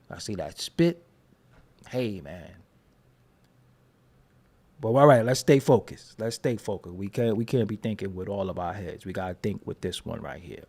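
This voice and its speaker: Animated, gravelly-voiced man ranting. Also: medium pitch. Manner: animated, profane, mocking callers and chat. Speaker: show host. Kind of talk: casual livestream commentary.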